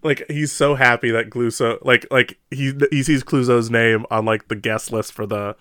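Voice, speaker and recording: Podcast co-host, male, bright tone, rambling casual delivery with a dry close-mic sound. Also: mid-range voice, fairly even intonation, normal speed, smooth, no echo. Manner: rambling, filler-heavy, frequent laughs. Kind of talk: casual chat.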